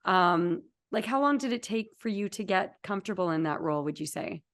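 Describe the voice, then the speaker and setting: A woman's voice: fairly low pitch, expressive, fairly quick. A woman hosting an interview, asking questions and often murmuring agreement. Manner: warm listener, frequent murmured agreement. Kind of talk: conversational interview.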